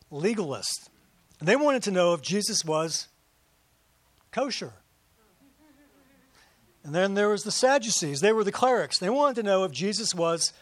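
A man's voice: high voice, no echo. A man preaching to his congregation as pastor, in a chatty sermon full of rhetorical questions and asides to the listeners. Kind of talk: conversational sermon.

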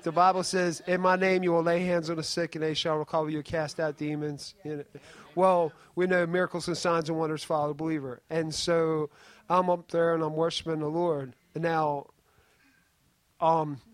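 Man rambling through a church testimony. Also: high-pitched. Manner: rambling storyteller, keeps asking "right?". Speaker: church member giving testimony. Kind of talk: spoken testimony.

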